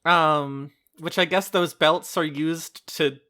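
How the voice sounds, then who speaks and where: Slow, rambling podcast co-host. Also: mid-range voice, fairly even intonation, sharp tone. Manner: rambling, hesitant, many ums, bursts of laughter. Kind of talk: casual chat.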